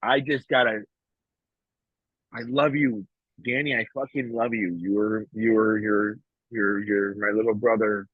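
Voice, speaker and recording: Cussing podcast guy, emotional, husky voice, thin phone-ish sound. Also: on the low side, fairly even intonation, a little slow, no room sound. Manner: blunt, profane, emotional, many restarts. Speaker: podcast co-host. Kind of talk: casual podcast chat. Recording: dry, tinny phone-like sound.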